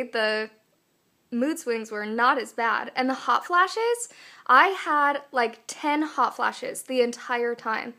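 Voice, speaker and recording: A woman's voice: high voice, fairly bright tone. A young woman talking candidly in a casual personal vlog, chatty and full of fillers. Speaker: vlogger.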